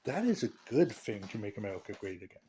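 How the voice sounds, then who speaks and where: Rambling joking man, lively pitch. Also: fast, slight background noise. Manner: rambling, joking, opinionated, laughs at own lines. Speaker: vlogger. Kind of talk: casual opinion rant to camera.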